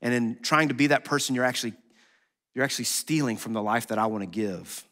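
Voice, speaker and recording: A man pastor preaching a sermon in a conversational, animated way, acting out quotes as he goes. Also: mid-range voice, fast. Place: church sanctuary. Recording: long hall reverb.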